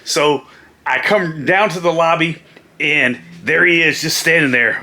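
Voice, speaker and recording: A man, a motorcycle vlogger and former pro wrestler, telling a story casually, animated and laughing often. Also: on the high side, measured pace.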